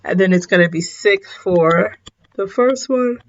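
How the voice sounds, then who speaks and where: A woman teacher walks through a math problem in a relaxed, casual way, tired and stifling yawns as she goes. She corrects herself often and apologizes along the way. Her voice sits at a middle pitch, and the recording sounds dull and lo-fi. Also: a little slow. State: yawning, tired. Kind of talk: recorded lesson at a whiteboard.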